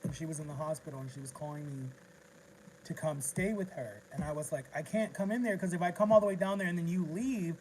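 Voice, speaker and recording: A man with a slightly high voice rambles through an emotional personal story on a casual livestream. He restarts his sentences often, talking straight into his phone. There is faint noise behind him. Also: fairly quick, a little mellow, rough recording. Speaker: vlogger.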